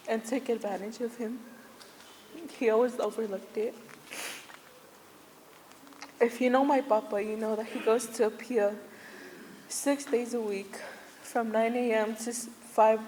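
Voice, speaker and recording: A woman's voice: fairly high pitch, steady tone, unhurried, long pauses, darkish tone. A woman giving a funeral tribute to her grandfather, holding back tears while telling funny stories about him. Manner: tearful yet humorous storytelling. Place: church service. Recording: echoey hall with faint noise.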